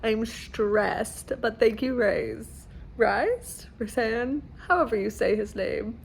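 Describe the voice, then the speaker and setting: A woman's voice: on the high side, steady tone, measured pace, gravelly, echoey room, a little hiss or hum. A woman book vlogger reacting emotionally as she reads at home, laughing and near tears while talking to herself and the camera. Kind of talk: emotional reading vlog reactions.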